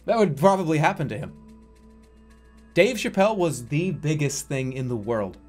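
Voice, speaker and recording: Animated, rambling male streamer. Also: fairly high pitch, moderate pace. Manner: rambling, animated, swears freely. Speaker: livestreamer. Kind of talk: casual chat. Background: faint music.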